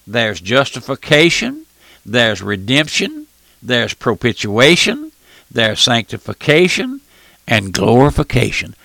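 An older man with a squeaky, folksy voice, preaching a fervent radio sermon and calling his listeners friend and folks. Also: creaky, a bit bright, no room sound.

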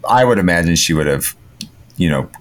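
Male podcast co-host, very deep voice, casual and rambling, upbeat. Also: lively intonation, a little fast. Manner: rambling, upbeat, many fillers and restarts. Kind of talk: casual chat.

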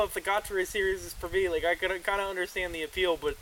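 A man co-hosting a casual podcast from a cabin, talking in an animated, profane way and laughing often. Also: high voice, quick pace, low-quality recording. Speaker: podcast co-host.

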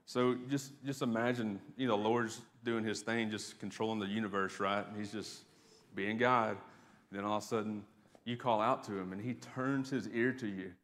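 A man gives a sermon in a relaxed, talky way, often doubling back on his words as he speaks to the congregation and the children. His voice sits a little low. His voice rings with the long reverb of a church sanctuary. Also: normal speed. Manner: conversational preaching with fillers and repeated words. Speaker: pastor.

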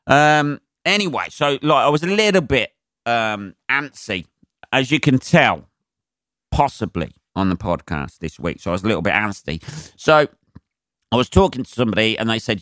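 A man's voice: medium pitch, very animated, moderate pace, a bit bright, no echo, studio quality. A male comedian hosting a podcast, ranting alone in a profane, rambling way. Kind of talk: solo podcast rant.

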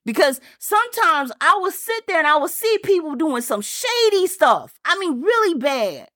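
A woman's voice: extremely high pitch, big pitch swings, moderate pace, bright, forceful tone, no room sound, studio quality. A woman pastor preaching a fervent sermon, repeating her points and firing rhetorical questions in a casual, folksy way. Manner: colloquial Southern-style phrasing like y'all and ain't.

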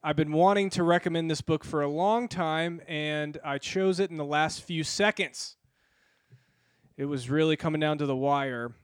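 A man's voice: a little high, moderate pace, clean tone, no room sound. A man co-hosting a casual podcast, presenting a book segment with playful, mock-formal intros.

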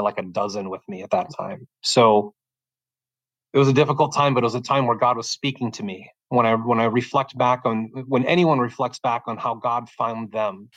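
A middle-aged man gives a personal faith testimony as a guest, and his voice is emotional and halting. He stumbles and repeats words while he searches for what to say next. His voice sits at an ordinary pitch, and the recording is dry and close. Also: fairly bright tone, dry recording, low-quality recording. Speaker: podcast guest giving testimony.

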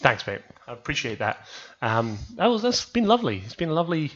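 Playful man with a lively voice. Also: a little high, a little fast. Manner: playful, absurd storytelling. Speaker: podcast co-host. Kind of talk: comedic casual banter. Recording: dull lo-fi podcast mic.

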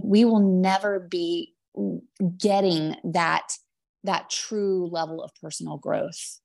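An earnest woman hosting a podcast, speaking at a slow and unhurried pace. She thinks aloud and searches for her words in a reflective, heartfelt way. Her pitch sits at an ordinary middle level. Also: vocal fry, a little mellow. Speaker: podcast host. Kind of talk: reflective interview conversation.

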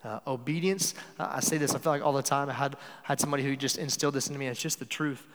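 A man's voice: medium pitch, fairly even intonation, racing, fairly bright tone, long reverb tail. A man preaching a sermon in a conversational way, often acting out the lines he quotes.

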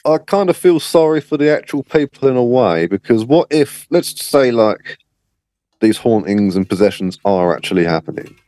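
A man's voice: mid-range voice, expressive, moderate pace, mellow, no echo, studio quality. A man, a guest podcast host, musing and asking questions aloud in casual discussion.

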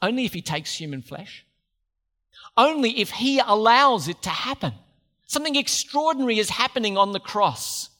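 A man's voice: very high-pitched, big pitch swings, moderate pace, pushed and bright. A man preaching a sermon, conversational, with joking asides to the congregation.

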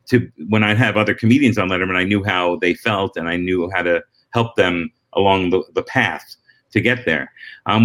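Relaxed storytelling middle-aged comedian. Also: male voice, sits low. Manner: relaxed storytelling with frequent restarts and asides. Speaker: comedian and former talk-show warm-up act. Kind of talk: casual interview answers.

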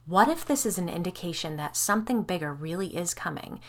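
Brief: a woman reading an earnest, talkative homesteader woman, lowish voice, audiobook story. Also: animated, brisk, close to an everyday voice. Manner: chatty, earnest. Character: rambling theorizing woman homesteader.

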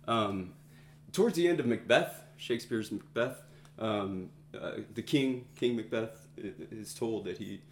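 A man's voice: on the low side, slight background noise. Man teaching in an echoey room. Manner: conversational, thinks aloud, pauses to find words. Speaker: Bible study teacher. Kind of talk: informal teaching talk to a group.

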